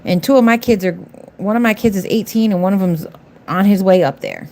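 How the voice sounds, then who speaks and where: A woman's voice: medium pitch, a little fast, mellow. A middle-aged woman doing nails on a livestream, talking casually and bluntly, sassing viewers in the chat. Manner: blunt, sassy, talks back to chat viewers. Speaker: nail artist livestreaming.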